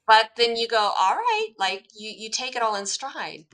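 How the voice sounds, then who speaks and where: A woman's voice: fairly high pitch, normal speed, poor audio. A woman from the United States telling a personal story in a casual talk, acting out the quoted dialogue. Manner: animated, acts out quoted dialogue, laughs at herself. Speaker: guest telling her story.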